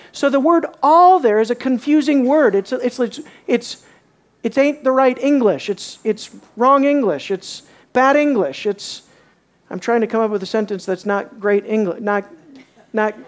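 A woman teaching a bible study, asking her listeners questions and acting out the quoted lines. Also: on the high side. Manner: animated, asks the audience questions, acts out quotes.

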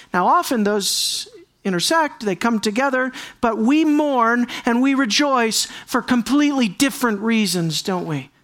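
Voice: medium pitch, a bit bright. A preacher giving an expository sermon, speaking emphatically, repeating key lines and putting questions to the congregation.

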